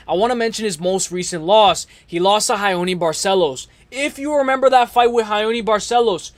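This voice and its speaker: A man's voice: sits high, no echo. A young man hosting an MMA preview show, talking in a casual, rambling, slangy way and correcting himself often. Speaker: MMA podcast host. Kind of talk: casual fight preview talk.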